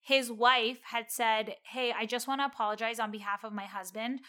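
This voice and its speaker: A young woman casually telling a story about her time as a server, animated and quoting the people involved. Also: on the high side, moderate pace.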